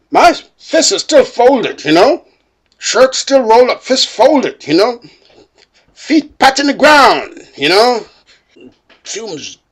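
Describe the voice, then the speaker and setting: Husky, lively male storyteller. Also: high-pitched. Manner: expressive, keeps saying "bloke" and "you know". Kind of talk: animated personal storytelling.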